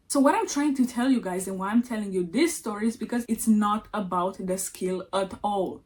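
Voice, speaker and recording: A woman's voice: mid-range voice, darkish tone. A young woman vlogger telling a personal story in an earnest, emphatic, motivational way, filling her talk with "like". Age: young adult. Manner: earnest, emphatic, self-help pep talk with lots of "like". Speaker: lifestyle vlogger.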